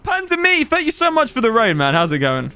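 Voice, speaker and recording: A young man streaming a game live, ranting in exasperation at his teammates with sudden high-pitched outbursts. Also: huge pitch swings, a little fast, bright, forceful tone, smooth. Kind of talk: live gameplay commentary.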